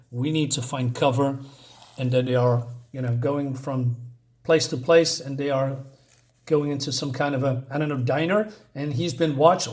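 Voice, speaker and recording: A man chatting casually through a comic book review, hesitant, with many fillers and restarts. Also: a little high.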